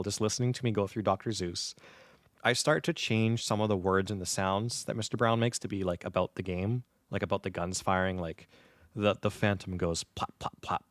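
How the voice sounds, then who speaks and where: A man in his thirties co-hosting a podcast, telling an animated story in casual chat, speaking right up against a close microphone. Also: lowish voice, no echo. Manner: animated storyteller, acts out quoted gamers. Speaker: podcast co-host. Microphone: close dynamic podcast mic.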